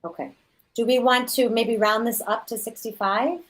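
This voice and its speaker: A woman chairing a school council meeting over a video call, casual and quick to laugh. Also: on the high side, fairly even intonation, poor audio. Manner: casual, laughing, running the vote.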